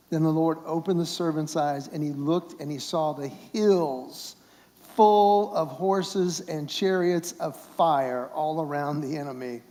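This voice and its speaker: A man's voice: fairly high pitch, measured pace, mellow, big-room sound. A man preaching a sermon as a guest speaker, retelling a story and acting out its characters' voices. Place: church sanctuary.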